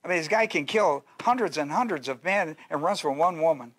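Bright folksy male pastor. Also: a little high, lively intonation, brisk. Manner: folksy, joking, with restarts and asides to the congregation. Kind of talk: sermon.

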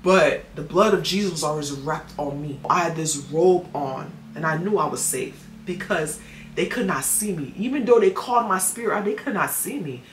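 A woman's voice: on the low side, moderate pace. A young adult woman telling her story with animation and acting out what others said. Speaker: guest giving testimony. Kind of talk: emotional storytelling. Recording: echoey room with faint noise.

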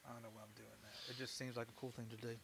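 A man's voice: medium pitch, flat delivery, rapid-fire, vocal fry, heavy background noise. A man with a Texan accent hosting a woodworking livestream, laid-back and chatty, laughing often and swearing casually. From Texas. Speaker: livestream host, woodturner.

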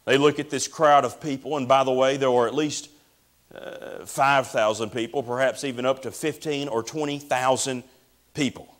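A man's voice: mid-range voice, steady tone. Earnest preacher, man. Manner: earnest preaching, drawn-out emphasis, addresses listeners as friend. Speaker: pastor. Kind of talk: sermon.

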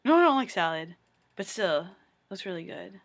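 A young woman chatting casually in a vlog, excitable and full of "like". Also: medium pitch, a little fast. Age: young adult. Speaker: vlogger.

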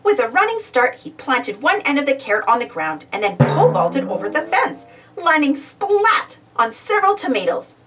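A woman reading a children's storybook aloud with expressive, lively narration. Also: on the high side, fairly quick, few pauses, over loud music. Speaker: storybook reader. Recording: voice distant from the mic.

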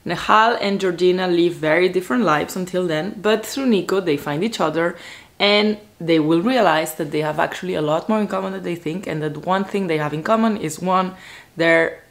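Low-voiced chatty woman. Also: normal speed. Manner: chatty, many "like" fillers, excitable. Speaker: book vlogger. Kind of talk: casual book chat to camera.

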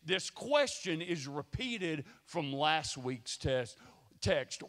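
A man's voice: on the high side, lively intonation, slow pace, fairly bright tone. A male pastor preaching a sermon, addressing the congregation with emphatic repeated rhetorical questions, in a church sanctuary. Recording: long church reverb.

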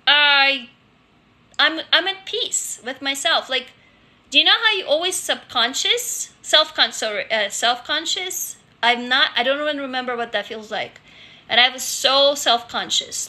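A woman talks candidly and chattily into a phone held in her hand, reading out viewer comments. Her voice sits high and sounds sharply bright. She restarts often and swears freely. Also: unhurried. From Russia. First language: Russian. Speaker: livestreamer. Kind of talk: casual live-stream chat reading viewer comments. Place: home office, sitting on a couch. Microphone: handheld phone.

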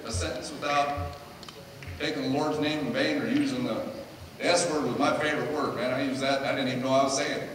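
A middle-aged man, a pastor, preaching in a lively, joking way and acting out the people in his stories. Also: medium pitch, fairly quick. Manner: animated, jokey storyteller acting out quotes. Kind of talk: sermon with storytelling. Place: church hall. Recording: echoey hall, distant mic, noisy.

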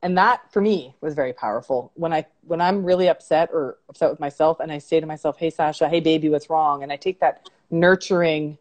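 A woman's voice: sits low, fairly quick. A woman life coach speaking earnestly in a conversational interview, telling stories and reflecting on self-talk.

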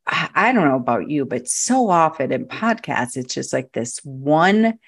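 Low-voiced woman, animated podcast guest. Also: a little slow, slightly rough. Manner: animated storyteller, frequent restarts. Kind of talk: casual interview chat.

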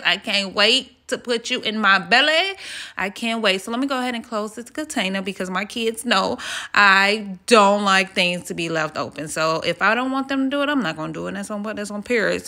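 A woman vlogging in a casual, candid way, full of slang and swearing, talking straight to her viewers. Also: medium pitch. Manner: addresses viewers directly. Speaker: lifestyle vlogger. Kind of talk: casual vlog chat and voiceover.

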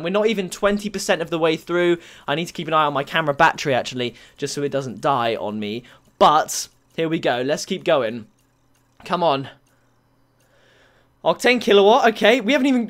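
Young male gamer host, excitable, loud outbursts, laughs a lot. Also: fairly high pitch. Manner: excitable, bursts into shouts and laughs. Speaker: gaming YouTuber. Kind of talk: excited game-opening commentary.

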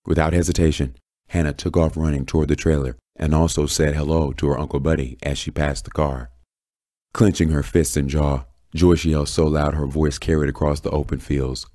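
A man narrating an audiobook with deep, measured storytelling. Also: little pitch movement, warm tone, no room sound, clean studio sound. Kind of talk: scripted narration.

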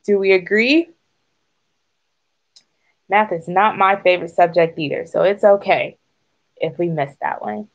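A woman's voice: on the low side, measured pace, long pauses. A woman reading a picture book aloud to children, stopping to ask them questions like a teacher. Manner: gentle teacher-like asides to young listeners. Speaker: speech clinic storyteller. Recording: dull lo-fi recording.

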